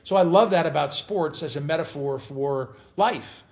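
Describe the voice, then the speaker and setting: A middle-aged man chatting as an interview guest, telling animated stories and often repeating words as he talks. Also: fairly high pitch, normal speed. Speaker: guest actor. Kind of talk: casual interview chat.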